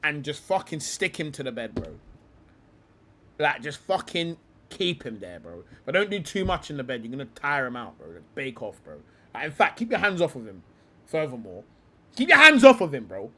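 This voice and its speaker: Animated, profane young man. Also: mid-range voice, moderate pace. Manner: animated and profane, heavy slang. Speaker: livestream host. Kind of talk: profane livestream rant.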